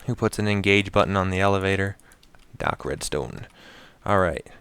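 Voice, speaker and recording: A man's voice: low-pitched, monotone, quick pace, fairly bright tone, smooth, no room sound. A man giving casual gameplay commentary while he builds, talking to himself, counting items aloud and explaining each step to his viewers.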